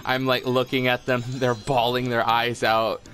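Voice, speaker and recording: A man's voice: medium pitch, little pitch movement, unhurried, a bit bright. A young man telling a rambling, sweary story in casual chat, laughing often between filler-heavy lines. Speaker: podcast co-host telling a story.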